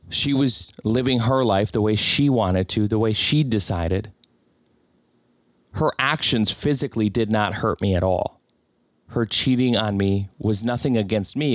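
A man with a fairly low voice tells a personal story in an earnest, reflective way. He voices the people in it in his own plain tone. The sound is dry and close, with little room around it. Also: no room sound.

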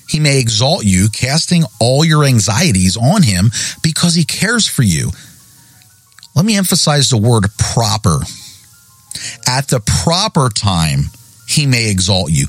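Reading verses for his devotional podcast sermon, this host has a mid-range voice that's a bit bright and slightly rough. He speaks emphatically, driving home key phrases and pressing listeners again and again with pointed questions. There's no room echo in the recording.

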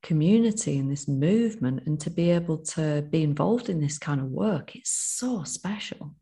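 A woman's voice: sits low, lively intonation, moderate pace, breathy edge. A woman from the UK, a recovery coach co-hosting a podcast, talking in a heartfelt casual way. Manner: warm, heartfelt, emotional. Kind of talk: casual chat.

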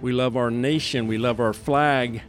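A man's voice: medium pitch, steady tone, unhurried, soft background music. A man hosting a news commentary podcast in a folksy, emphatic way, full of "uh" fillers. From American Midwest. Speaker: podcast host.

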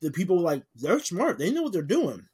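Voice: mid-range voice, big pitch swings, a little fast, a little mellow, slightly rough. A podcast co-host in casual chat, making points emphatically with everyday examples and some swearing.

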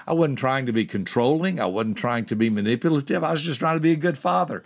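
An older man hosting a podcast, telling a personal story to listeners and asking them direct questions. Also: fast talker. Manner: lively storyteller, acts out quoted voices with big pitch jumps. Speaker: podcast host and personality teacher.

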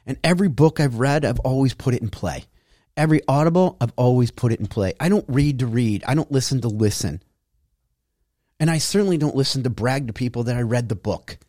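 A middle-aged man delivers a solo motivational monologue in a pressing, frustrated tone, leaning hard on repeated points. His voice sits at an ordinary pitch and is recorded close and completely dry, with no room sound at all. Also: lively intonation, brisk, mellow, no echo. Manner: emphatic, frustrated, preachy. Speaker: podcast host.

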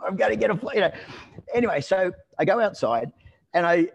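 A man telling a story in a relaxed conversational way, rambling with restarts and fillers. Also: high-pitched, brisk, creaky, husky. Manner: lively and amused when telling anecdotes.

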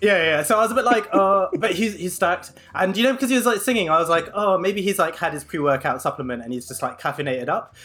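A young man telling an anecdote in casual chat, animated and full of fillers. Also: sits high, fast talker, few pauses. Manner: animated storyteller, many fillers.

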